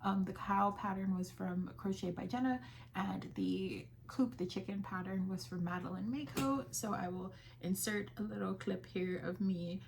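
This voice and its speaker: A young woman chats casually about her crochet business, retelling conversations with plenty of fillers. Her voice is mid-pitched with a gravelly fry running through it. Faint noise sits behind her. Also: moderate pace. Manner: chatty, with fillers and quoted dialogue. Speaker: crochet vlogger. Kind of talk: casual chat.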